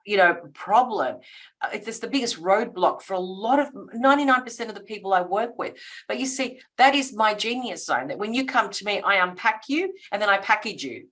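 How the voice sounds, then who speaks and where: An energetic woman coach talking up her work as a guest on a podcast interview. She leans hard on key words and slips into playful quoted dialogue to make her point. Her voice sits at a medium pitch. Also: fairly quick. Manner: enthusiastic and emphatic. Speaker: personal branding coach, guest.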